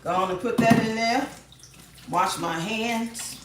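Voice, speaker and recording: A woman's voice: a little high, takes it slowly, heavy background noise. A middle-aged woman hosting a casual advice show, reading viewer comments and telling stories bluntly and profanely, often laughing. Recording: roomy echo.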